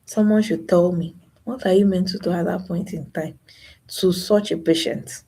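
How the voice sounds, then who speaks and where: A woman's voice: on the low side, steady tone, moderate pace, warm tone, breathy edge. A young woman hosting a live stream, talking about loss in a grieving way, sighing and repeating herself. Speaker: channel host. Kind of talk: emotional live stream talk.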